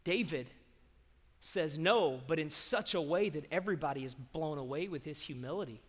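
A preacher tells a Bible story in a loose, conversational way, often swelling to loud emphasis. His voice is fairly high for a man, and a long reverb trails after it. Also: moderate pace. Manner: storytelling, conversational, surges in loudness. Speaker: pastor. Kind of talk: sermon.

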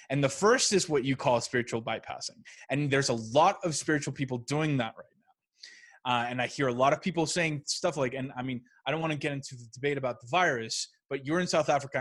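A man talking as a podcast guest, candid and thinking aloud with frequent restarts. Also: medium pitch. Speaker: guest, app founder. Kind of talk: casual conversation.

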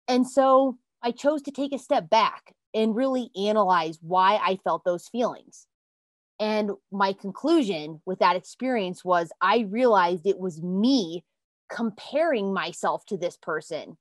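A woman hosting a self-help podcast, giving a motivational talk in an earnest, emphatic way, calling her listeners "you guys" and bursting into excited exclamations. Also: medium pitch, unhurried, no echo, studio quality.

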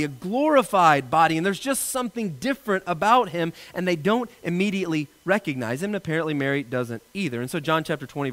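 A male pastor delivering a sermon, an animated storyteller who jokes with his congregation. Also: high voice.

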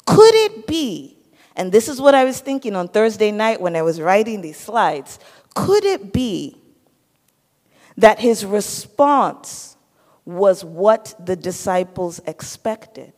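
A woman's voice: medium pitch, sing-song, slow, a little mellow. A woman preaching a sermon, teaching and putting questions to her listeners. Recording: long hall reverb.

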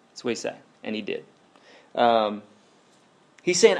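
A man in his thirties delivers a sermon in a loose, conversational way, leaning on asides and questions to the room. His pitch sits in an ordinary middle range for a man. He slips easily into retelling and storytelling as he preaches. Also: very animated, slow pace, pauses often. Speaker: pastor.

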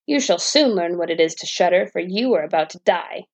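A woman's voice: on the low side, animated, brisk, lo-fi sound. A woman doing a menacing bearded old giant. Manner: menacing and boastful. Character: huge frightful old bearded man.

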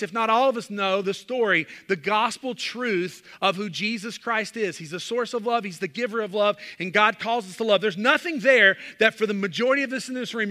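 A man's voice: high-pitched, bright, forceful tone. A male pastor preaching a sermon, emphatic and full of rhetorical questions, in a church sanctuary. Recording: long reverb of a large hall.

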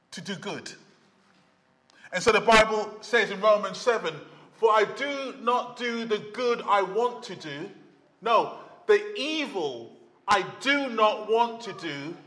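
A man's voice: high-pitched, sharp tone. A man preaching a sermon as pastor, with an emphatic, repetitive preaching cadence, recorded in a church hall. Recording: long reverb of a large hall.

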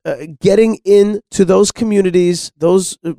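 A man's voice: sits high, fairly even intonation, normal speed, creaky, warm tone, dry recording, clean studio sound. A middle-aged man hosting a radio discussion, impassioned and insistent, repeating words when worked up. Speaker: radio host.

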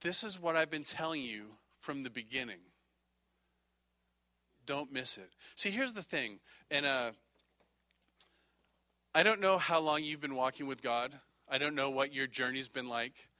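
A man's voice: mid-range voice, measured pace, pauses often, sharp tone, dry recording. A man preaching a sermon as pastor, speaking in repetitive, rhythmic phrases.

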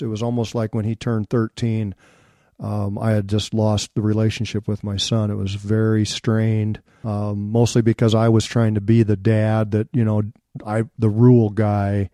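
Earnest middle-aged man, low mellow voice. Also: flat delivery, moderate pace, no echo, studio quality. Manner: earnest, candid and reflective. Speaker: interview guest. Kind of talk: personal storytelling in conversation.

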